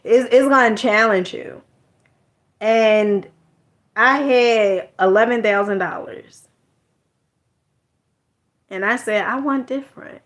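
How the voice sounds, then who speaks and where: A woman's voice: fairly high pitch, takes it slowly, pauses often. A woman telling a personal story in a casual, chatty monologue, often repeating her words and using slang.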